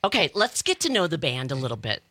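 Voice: mid-range voice, very animated, fast, bright, forceful tone, no echo. A radio co-host in a studio, asking a band about themselves in an encouraging, giggly way. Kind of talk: casual radio interview.

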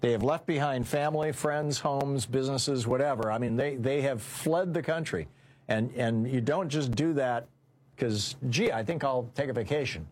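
A man hosting a political talk show, giving unscripted commentary in a halting way, with many fillers and restarts. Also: medium pitch. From United States.

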